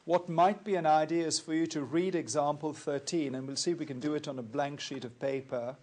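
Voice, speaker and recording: A man teaching accounting in a recorded lecture, explaining worked examples in a measured, methodical way and repeating key points. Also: fairly high pitch, steady tone, a little mellow. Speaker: accounting tutor.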